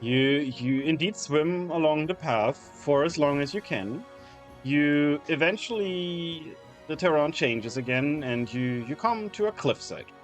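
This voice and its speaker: A man narrating a tabletop game as game master, halting and repeating words often. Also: on the high side, lively intonation, faint music behind.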